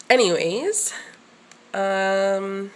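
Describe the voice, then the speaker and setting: A woman's voice: medium pitch, very slow. Nervous rambling woman vlogger. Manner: rambling, self-talk, restarts and whispered asides. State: nervous, shaky. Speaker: channel creator. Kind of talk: nervous first vlog to camera. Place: home room at a desk. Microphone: at her desk facing camera.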